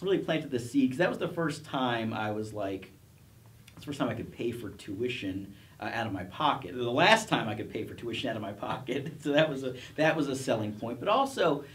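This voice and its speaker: A man's voice: mid-range voice, lively intonation, fairly quick, fairly bright tone, recorded from a distance. A middle-aged man, a professor, telling his career story in a casual interview, rambling with restarts and self-deprecating chuckles. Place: college TV studio.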